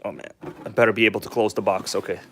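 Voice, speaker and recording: A man's voice: fairly low pitch, little pitch movement, racing, fairly bright tone, a little hiss or hum. Chatty man hosting a live stream. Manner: rambling, chatty, addresses viewers as guys; enthusiastic, blunt, casual swearing. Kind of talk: casual live-stream show-and-tell.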